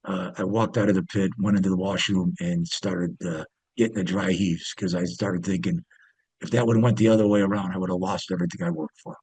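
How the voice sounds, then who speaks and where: Guest: husky man, dry close sound, rambling storyteller with lots of fillers. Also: low voice, fairly even intonation, fairly quick, darkish tone, no room sound. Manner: rambling, many fillers and restarts. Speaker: interview guest, former pit trader. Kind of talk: casual storytelling.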